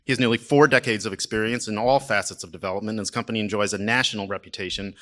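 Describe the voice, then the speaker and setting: A man's voice: on the low side, steady tone, rapid-fire, pushed and bright. A man opening a business event with welcoming, lightly humorous prepared remarks. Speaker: event host, editor.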